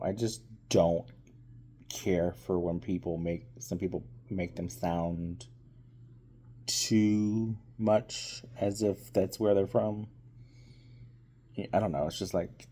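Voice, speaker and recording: A man's voice: deep voice, slow, mellow, husky. A man giving a casual, hesitant movie review on his vlog, full of ums, while still getting over being sick.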